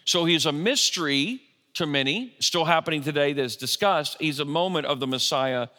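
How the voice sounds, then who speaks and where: A middle-aged pastor preaches in a relaxed, conversational way, tossing questions back to his congregation. His voice is bright and forceful and sits a little high. The sound rings out with the long reverb of a church hall. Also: moderate pace. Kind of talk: sermon.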